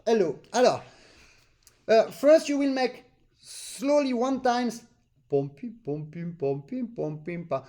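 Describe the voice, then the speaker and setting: High-voiced French man teaching accordion. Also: dark tone. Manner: sings rhythms with syllables, halting non-native English. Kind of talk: live online master class.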